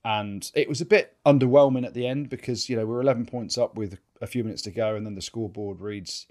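A man's voice: mid-range voice, fairly even intonation, fast, a little mellow. An English man co-hosting a rugby podcast, telling stories in casual chat and swearing freely. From England. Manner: chatty storyteller, swears freely. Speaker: co-host, former rugby player.

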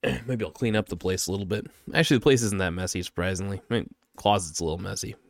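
A man's voice: low voice, fast talker, creaky, a little hiss or hum. A man musing aimlessly and offhandedly to camera in a rambling solo vlog monologue.

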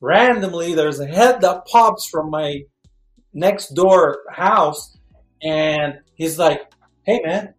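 Middle-aged male guest, a lively storyteller, voice a bit high, room echo and faint music behind. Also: takes it slowly. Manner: lively, acts out quotes with jumps in pitch. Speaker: guest actor. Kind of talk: animated storytelling. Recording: roomy echo.

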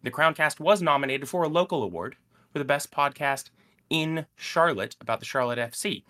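A man's voice: on the high side, expressive, normal speed, sharp tone. A man hosting a casual sports podcast, upbeat and teasing in his chat. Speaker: podcast host.

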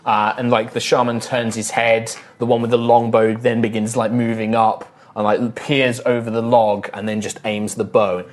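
A man's voice: medium pitch, flat delivery, moderate pace, hardly any pauses, a little hiss or hum. A man narrating as game master. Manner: loose, filler-heavy narration.

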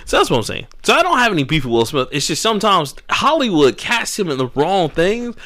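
Animated, lively-voiced man. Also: high-pitched. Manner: animated, profane, quick to laugh. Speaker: podcast co-host. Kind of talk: casual chat.

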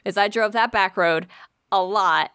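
Young woman, animated foul-mouthed storyteller; bright, dry close sound. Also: mid-range voice, a little slow, clean tone, dry recording. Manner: animated, swears a lot, laughs often. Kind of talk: casual storytelling chat.

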